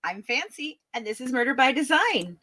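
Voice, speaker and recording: High-voiced chatty woman at home. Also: big pitch swings, normal speed. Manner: chatty, easily distracted, apologetic. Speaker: true crime live-stream host. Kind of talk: casual live-stream chat. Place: home with dogs barking. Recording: noisy home, dogs barking. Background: dogs barking.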